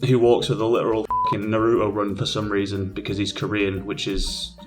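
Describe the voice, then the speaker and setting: A man giving a crude, sarcastic comedic rant as narration for an animated game review. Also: lowish voice, a little fast, music in the background.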